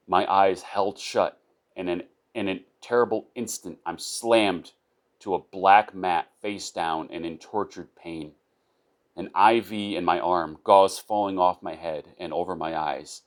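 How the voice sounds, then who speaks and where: Deep-voiced man reading a first-person story. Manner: unpolished reading with small restarts and repeated words. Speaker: narrator of his own short story.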